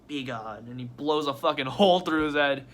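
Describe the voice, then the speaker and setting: A man vlogging casually at his desk, rambling and excitable with frequent swearing and restarts. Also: on the high side, brisk. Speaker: toy unboxing vlogger.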